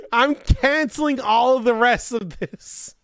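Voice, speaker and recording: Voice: medium pitch, slow pace, a bit bright, no room sound, studio quality. A live-streamer chatting casually, grumbling in exasperation, cursing, and laughing often. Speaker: livestreamer.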